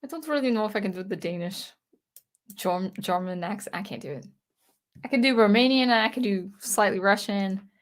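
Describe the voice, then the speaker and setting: Woman, livestream host, casual chat, rambling, halting restarts, mid-pitched voice. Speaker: livestream host of an electronic music channel. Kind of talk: casual livestream chat reading viewer comments.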